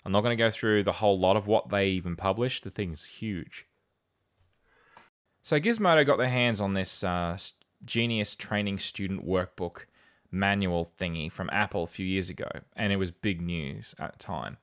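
A man's voice: deep voice, normal speed, clear, resonant tone. Wry man hosting a podcast. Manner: wry, animated, reads excerpts with dry sarcasm. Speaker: podcast host. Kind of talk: casual podcast chat.

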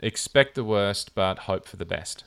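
An Australian man hosting a podcast, chatting in a relaxed way with plenty of fillers. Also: lowish voice, measured pace, creaky, smooth. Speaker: podcast host. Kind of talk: casual podcast chat.

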